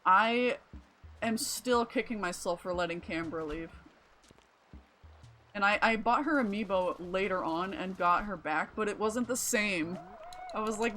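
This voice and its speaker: A woman's voice: medium pitch, measured pace, pushed and bright, soft background music. A woman streaming a video game, chatting and rambling casually with the odd swear. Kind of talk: casual gameplay commentary.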